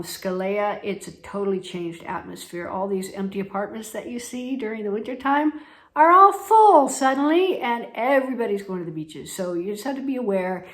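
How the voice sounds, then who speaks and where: A woman from the United States who tells stories in a chatty way, laughing between sentences as she talks to her viewers. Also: medium pitch. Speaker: travel vlogger. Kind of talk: casual chat. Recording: echoey room.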